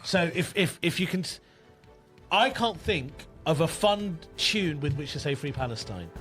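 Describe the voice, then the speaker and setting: A comedian talking in a deadpan, rambling way during comedy podcast banter. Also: male voice, fairly high pitch, normal speed, faint music behind.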